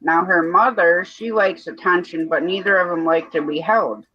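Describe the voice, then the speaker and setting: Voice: mid-range voice, moderate pace, highs cut off. A person chatting casually on a livestream, telling folksy stories. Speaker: livestream chat participant. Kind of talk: casual chat.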